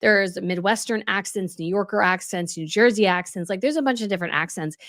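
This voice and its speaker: In this laid-back vlog, a woman from the United States with a neutral American accent rambles chattily about royal news, dropping in plenty of asides. She speaks fairly quickly in a mid-range, fairly bright voice, captured at studio quality with no room sound.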